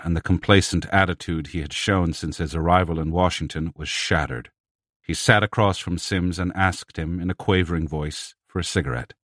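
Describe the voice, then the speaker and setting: A male narrator with a very low, deep voice, reading a story in a measured way. The sound is close and dry, with no room echo at all. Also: a bit bright. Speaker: audiobook narrator. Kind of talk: scripted narration.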